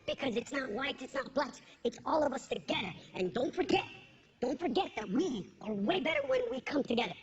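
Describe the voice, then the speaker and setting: High-voiced woman doing punchy stand-up. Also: animated, brisk. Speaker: stand-up comedian. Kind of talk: stand-up comedy set. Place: stage before a live audience. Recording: lo-fi with background noise.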